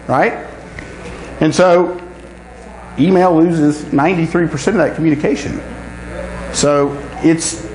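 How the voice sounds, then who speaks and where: A man giving a live talk to a conference audience, animated and often checking in with "right?". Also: a little high. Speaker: conference speaker. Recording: echoey room with faint hum.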